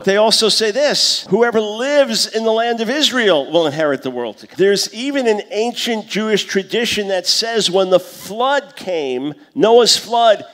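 High-voiced man lecturing in a reverberant hall. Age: 50s. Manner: lively teaching, acts out quoted voices. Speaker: conference speaker. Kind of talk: conference lecture on scripture. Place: conference hall.

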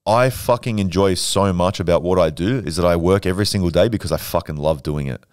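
Man, 20s, low-pitched, smooth clear voice, dry room, boastful and profane. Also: fast, darkish tone, no echo. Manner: brash, profane, boastful storytelling. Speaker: podcast guest. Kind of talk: casual podcast chat.

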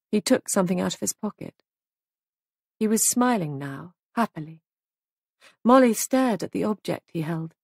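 A woman with a low, gravelly voice narrates an audiobook from a script, telling the story in a measured, even way. It's a dry, studio-quality recording.

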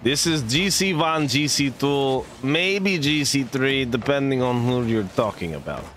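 A man's voice: medium pitch, lively intonation, unhurried, fairly bright tone, slight background noise. A man voicing a cheerful male game commentator with a put-on Russian accent, dropping articles in playful broken English.

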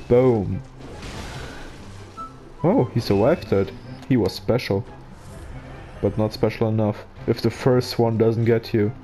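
Casting: German-accented man, slow monotone gaming commentary, dry self-talk, mellow tone. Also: lowish voice. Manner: flat monotone, joking to himself. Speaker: gameplay commentator. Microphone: basic microphone.

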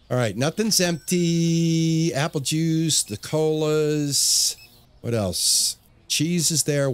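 Man, slightly low voice, casual let's-play commentary, thinking aloud, repeats words to himself. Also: darkish tone, slight background noise. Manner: talks to himself, repeats words under pressure. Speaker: gaming channel host.

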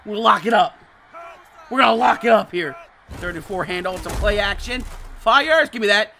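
Guy calling his football game as he plays, high bright voice, bounces all over, mutters then yells. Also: fairly quick, creaky, a little hiss or hum. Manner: swings from low muttering to excited shouts; casual slangy trash talk. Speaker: gaming channel host. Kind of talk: live gameplay commentary.

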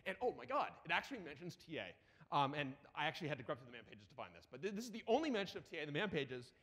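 A man giving a live lightning talk at a conference while demoing a terminal, excitable and profane, with rapid asides. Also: fairly high pitch. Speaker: conference speaker. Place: conference hall. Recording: reverberant conference hall.

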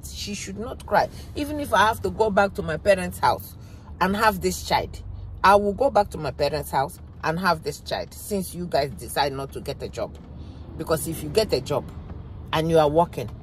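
A woman's voice: mid-range voice, a little hiss or hum. A woman giving an impassioned reaction commentary, emphatic and repeating her points. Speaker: vlogger.

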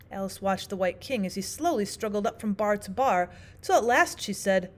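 A woman teacher reading a classic children's book aloud with expressive storytelling. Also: mid-range voice, moderate pace, few pauses. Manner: expressive, sing-song storytelling. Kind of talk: audiobook narration.

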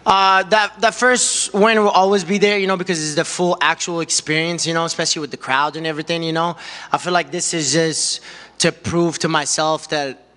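A man who fights professionally, talking excitedly and rambling in a post-fight interview. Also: a little high, fairly quick. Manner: excited, rambling with lots of "you know". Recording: long hall reverb.

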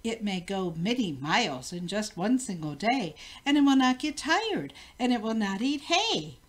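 An older woman voicing a cheerful, impulsive old king in a read-aloud storybook, with a hearty, booming manner. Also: big pitch swings, unhurried. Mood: pleased.

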